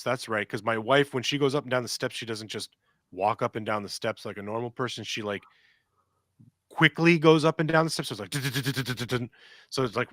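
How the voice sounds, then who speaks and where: A man's voice: medium pitch, dry recording, clean studio sound. A middle-aged man telling long, rambling stories on a podcast and acting out voices and sounds as he goes. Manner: rambling, animated, acts out quotes and sounds. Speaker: podcast co-host. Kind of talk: casual storytelling chat.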